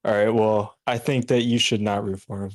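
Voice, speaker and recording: A man's voice: lowish voice, level tone, moderate pace. A man calling into a stream, hesitant at first, then blunt in his disagreement. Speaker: caller. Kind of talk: casual call-in chat.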